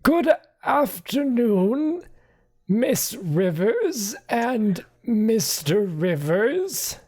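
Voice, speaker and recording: A woman voicing a flustered, stiffly formal older man with a cane, speaking in strained, clipped formality, pitched well above her own voice. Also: big pitch swings, very slow, a little mellow, full character voice. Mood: stiffly polite.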